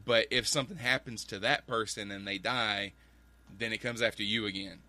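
A man's voice: lowish voice, steady tone, normal speed, pushed and bright. A man co-hosting a casual movie chat, earnestly summarizing a film. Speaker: podcast co-host.

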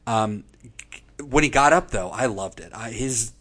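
A man's voice: medium pitch, unhurried. A man chatting casually and profanely as a podcast co-host, recapping a TV episode and acting out quotes in funny voices. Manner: animated, profane, acts out quotes.

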